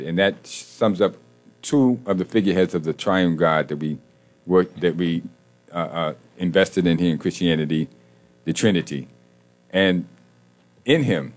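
A male radio co-host with a fairly low voice talks casually in a studio. He is jokey and laughs easily, with loose, chatty pacing. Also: moderate pace, long pauses. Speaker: co-host of a faith sports radio show. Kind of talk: casual radio chat and scripture reflection.

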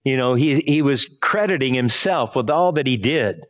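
A man's voice: medium pitch, expressive, normal speed. A man from Hawaii giving an informal sermon, telling a personal story in a rambling, conversational way and asking the congregation to help him find words. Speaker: pastor.

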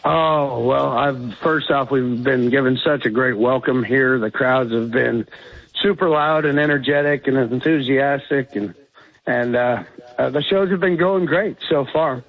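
A man's voice: mid-range voice, fairly even intonation, unhurried, dry recording. A man being interviewed as a guest on radio, upbeat and fluent. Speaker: guest performer. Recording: muffled radio broadcast audio.

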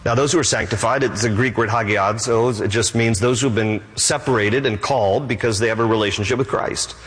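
A man's voice: mid-range voice, fairly quick, fairly bright tone. A man preaching a sermon as pastor, emphatic and repeating short phrases for stress. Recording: long hall reverb.

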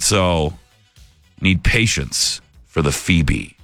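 Chill radio dj guy, lowish voice, jokey, faint music under him. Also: lively intonation, measured pace, fairly bright tone, dry recording. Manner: laid-back, joking, laughs often. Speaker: radio host. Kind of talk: casual radio chat with a caller.

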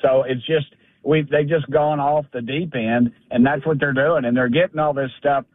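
A man's voice: medium pitch, steady tone, moderate pace, dry recording. A man calls in to a talk show and speaks in a fiery, folksy way, tripping over restarts as he goes. His voice comes through a thin, tinny phone line with no room sound around it. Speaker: congressman calling in. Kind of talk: call-in radio talk.

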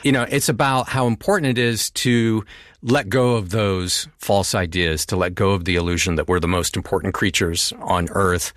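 A man's voice: steady tone, moderate pace, a bit bright, dry recording. A man hosting a radio music show, chatting enthusiastically and casually about songs with a guest. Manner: enthusiastic, conversational, shifting pitch. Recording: dry studio sound.

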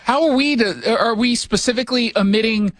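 Speaking into a studio mic with a very high, fairly bright voice, a middle-aged radio host talks politics casually and fairly quickly, leaning on sarcasm and rhetorical questions. The recording is dry.

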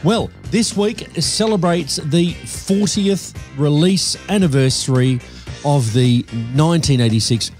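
A man's voice: a little high, a little slow, a little mellow. A man hosting a radio music show in a friendly, chatty way with fillers.

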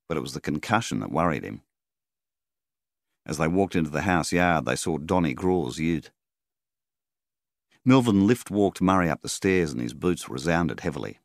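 Very deep, gravelly Australian man narrating. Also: no echo, clean studio sound. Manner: steady storyteller, voices the characters. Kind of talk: audiobook narration.

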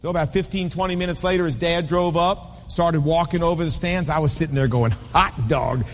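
A man's voice: fairly high pitch, steady tone, brisk, long reverb tail. A middle-aged man preaching a sermon in an emphatic style, building points through repetition.

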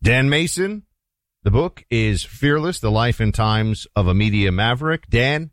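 A man's voice: medium pitch, animated, unhurried, no echo, studio quality. A man hosting a radio talk show, interviewing a guest in an upbeat, conversational way.

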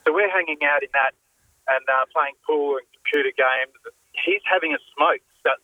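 A man calling a radio show and telling a story in a relaxed, hesitant way. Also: a little high, normal speed, no echo, phone-quality sound. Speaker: caller.

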